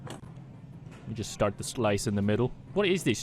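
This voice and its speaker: A man's voice: mid-range voice, animated, brisk, slight background noise. A man joking his way through comic reaction commentary on viral videos, playful and exclamatory.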